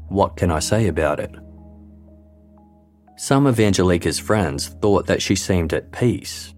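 A man giving scripted true-crime narration in a measured, even documentary delivery. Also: low voice. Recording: faint music bed underneath.

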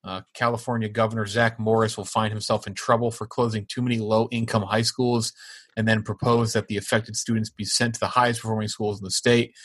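A man hosting a podcast, reading out entertainment news and an ad read, then chatting and laughing about it. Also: fairly low pitch. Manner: reads news items, laughs often. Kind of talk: casual chat.

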